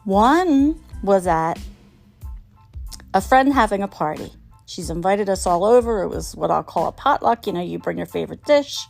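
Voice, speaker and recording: A woman's voice: mid-range voice, lively intonation, moderate pace, gravelly, a little mellow, faint music behind. A middle-aged woman telling comic stories about her own mistakes, laughing at herself and acting out the people in them. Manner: self-mocking, laughing often, acting out quoted voices. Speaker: storyteller host. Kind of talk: casual comic storytelling.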